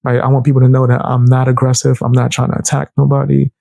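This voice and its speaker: A young man telling a heated personal story in casual, animated speech, raising his voice to act out the people he quotes. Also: medium pitch, fast talker, vocal fry, no room sound. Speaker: storyteller vlogger.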